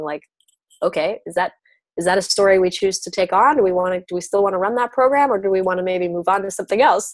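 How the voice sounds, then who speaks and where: A woman in her thirties, a podcast guest talking casually about spiritual growth, animated and full of "like" as she acts out inner voices. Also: medium pitch, fast, dry recording.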